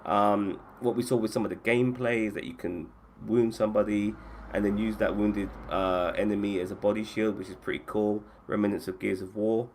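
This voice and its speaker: A man with a fairly low voice hosts a relaxed talk about games. He swears easily and trips over his sentences, and there is a faint hiss behind him. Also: normal speed. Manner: casual, swears freely, restarts sentences. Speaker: podcast host. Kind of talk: casual chat about games.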